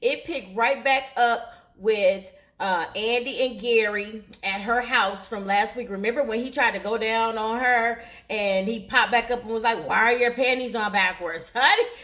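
Animated woman recapping a TV episode. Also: on the high side, measured pace. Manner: animated storytelling, acts out the characters' lines. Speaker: recap show host.

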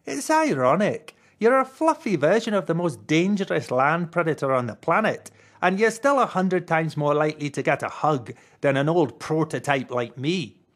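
Reader doing old hammerhead shark toy, gruff, wry, teasing, loud and bouncy, storybook. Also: medium pitch, lively intonation, moderate pace, few pauses, natural voice. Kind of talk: storybook read-aloud.

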